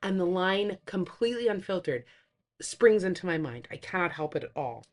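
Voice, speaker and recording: Woman cohost chatting about movies, animated, jumps into acted quotes. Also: on the low side, normal speed. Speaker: podcast co-host. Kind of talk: casual chat.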